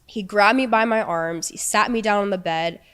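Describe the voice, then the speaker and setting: A young woman guest on a podcast, telling a personal story in an earnest, halting way with many restarts. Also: medium pitch, fairly bright tone, clean tone.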